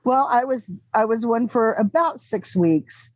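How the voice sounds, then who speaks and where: A middle-aged woman with a Texan accent telling candid, animated stories in an interview, swearing freely and acting out the people in them. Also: a little high, measured pace, dry recording. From Texas. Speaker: actress guest. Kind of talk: casual interview storytelling.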